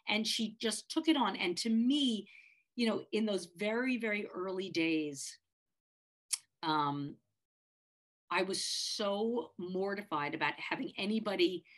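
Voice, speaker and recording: Middle-aged woman on a podcast, kinda low voice, heartfelt, keeps restarting her sentences. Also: fairly bright tone. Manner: heartfelt, halting, with many restarts and repeated words. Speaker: podcast co-host, parent of a child with a disability. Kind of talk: candid podcast storytelling.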